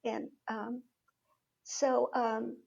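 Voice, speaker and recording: A woman's voice: on the high side, little pitch movement, drawn-out words, gravelly, darkish tone, husky, dull audio. A middle-aged woman, a spiritual reader, telling a personal story in a chatty way, laughing often and acting out quotes. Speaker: spiritual reader, podcast guest.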